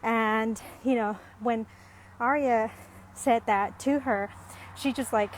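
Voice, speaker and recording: A woman's voice: on the high side, steady tone, slow pace, a little hiss or hum. A woman talking to camera as a parent in a casual, reflective monologue, rambling with many ums and restarts, earnest and growing emphatic. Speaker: parent vlogger.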